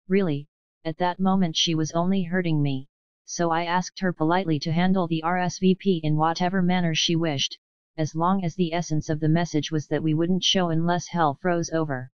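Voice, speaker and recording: A woman narrating a novel in the first person, in a measured storytelling manner. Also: fairly low pitch, fairly even intonation, clear, resonant tone, no echo, muffled recording. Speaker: audiobook narrator. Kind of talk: scripted audiobook narration.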